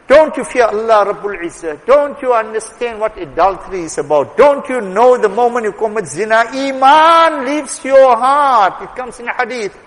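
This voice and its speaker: A man preaching a sermon with emphatic exhortation, dropping to quiet asides and rising to forceful appeals. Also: very high-pitched, expressive, normal speed, few pauses. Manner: emphatic, swings between soft asides and raised exhortation. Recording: long hall reverb.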